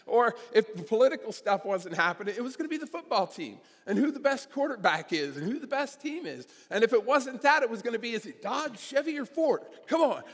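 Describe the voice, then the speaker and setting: A man's voice: very high voice, sing-song, quick pace, few pauses, fairly bright tone, big-room sound. A man preaching a sermon in a church, in a conversational, storytelling way with casual fillers. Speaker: guest preacher. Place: church sanctuary.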